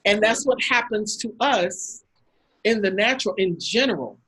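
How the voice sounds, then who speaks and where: A woman hosting a talk over a video call, telling lively anecdotes and acting out the people in them. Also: medium pitch, normal speed, husky, low-quality recording. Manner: animated anecdotes, acts out quotes with laughs. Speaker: host. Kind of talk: casual storytelling talk.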